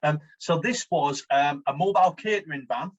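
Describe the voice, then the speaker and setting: A man's voice: fairly high pitch, moderate pace, muffled recording. A man with a Teesside accent, co-hosting a casual comic chat and telling jokey stories. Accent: Teesside (Smoggy). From Teesside, England. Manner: jokey, chuckling storyteller. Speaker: podcast co-host.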